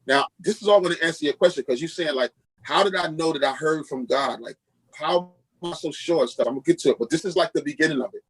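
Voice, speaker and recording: Man, middle-aged, from Queens, husky voice, fairly high pitch, pastor telling a testimony, acts out quoted lines. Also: quick pace, rough recording. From Queens, New York. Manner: lively storyteller who acts out quoted dialogue. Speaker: pastor, podcast guest. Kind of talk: personal testimony storytelling.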